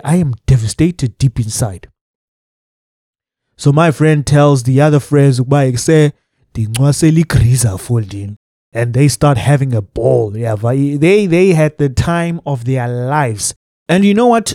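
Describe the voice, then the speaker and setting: Animated South African young man telling a story. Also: on the high side, no room sound, studio quality. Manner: animated, mixing English with local phrases, laughs through the telling. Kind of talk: casual storytime monologue.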